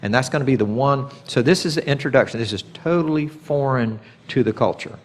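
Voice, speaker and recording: Guy teaching a bible portion, chatty sermon, mid pitch, acts out the quotes. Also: fairly quick, slight background noise. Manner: conversational, acts out God's voice in quotes.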